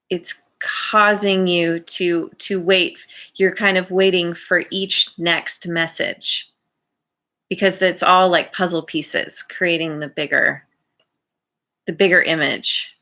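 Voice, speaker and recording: A woman giving a tarot reading for her channel, musing aloud in a slow, rambling way with many restarts. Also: lowish voice, bright, forceful tone. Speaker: tarot reader.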